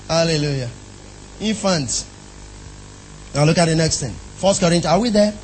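A man's voice: on the high side, measured pace, slight background noise, rough recording. A man preaching a sermon in an emphatic style, often asking the congregation questions.

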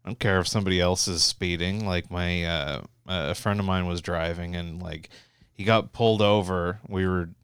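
A man's voice: sits low, fairly even intonation, moderate pace, a bit bright, clear, resonant tone, no echo, clean studio sound. A young Canadian man telling long, rambling road stories in casual chat, swearing freely and full of "like" and restarts.

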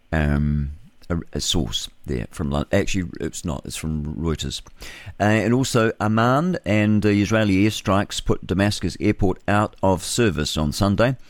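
A man's voice: sits low, no echo. A New man hosting a talk radio show, reading news headlines and adding scornful remarks between them. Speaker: radio host.

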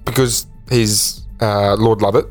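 A man's voice: fairly low pitch, steady tone, slow, faint music behind. A man co-hosting a podcast, chatty and asking follow-up questions in casual banter. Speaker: podcast co-host.

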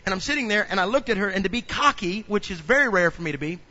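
A pastor man preaching with a strikingly high, lively voice that leaps up and down. The tone is very bright and sharp, and he tells his stories with humor before pushing into loud preaching. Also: quick pace, highs cut off. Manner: humorous storytelling, acts out little scenes. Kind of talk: sermon.

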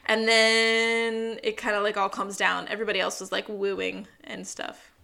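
A woman co-hosting a casual podcast recap of a TV episode, acting out the characters' lines in quick animated bursts. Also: mid-range voice, creaky. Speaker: podcast co-host.

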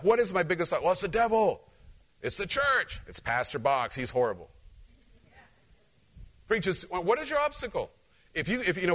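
Pastor, male, lively sermon delivery that keeps calling on the congregation, voice sits a bit high. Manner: animated, talks directly to the congregation. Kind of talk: conversational sermon with personal stories.

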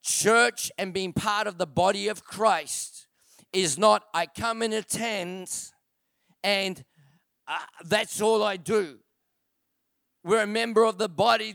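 Male pastor, emphatic sermon delivery, fairly high and crisp voice, repeats for stress, rhetorical questions. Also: bright, forceful tone, dry recording, studio quality. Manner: emphatic preaching, repeats key phrases for stress; rhetorical questions with calls to the congregation. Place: church.

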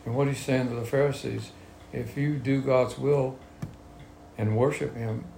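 Here a man runs a Bible study, reading out verses and then talking through their meaning in simple, conversational terms. He has a mid-range, gravelly, mellow voice, keeping a steady tone and measured pace. Slight background noise and faint ambience come through in an echoey room.

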